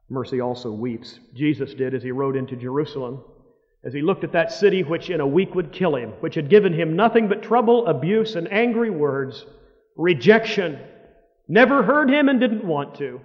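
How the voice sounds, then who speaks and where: A man preaching a sermon, telling stories dramatically, with loud outbursts that drop to hushed words. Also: medium pitch, moderate pace. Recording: dull long-reverb hall sound.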